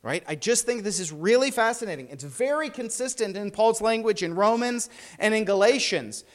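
A man's voice: sits high, animated. A man teaching a Bible class, emphatic and stopping often to check that listeners follow. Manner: emphatic, frequent "right?" check-ins; stumbles and restarts, then slows for emphasis.

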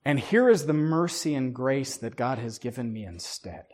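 A man's voice: mid-range voice, lively intonation, moderate pace, darkish tone. A man preaching a sermon, emphatic, with many rhetorical questions and stammering restarts. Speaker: pastor.

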